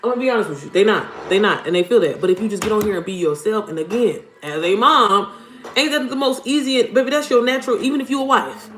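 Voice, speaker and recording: A fast-talking, animated woman with a mid-range, somewhat bright voice hosts a casual livestream as a mom business coach. She's blunt and chatty, swears offhandedly, and calls viewers "y'all," over slight background noise and faint music in a roomy home.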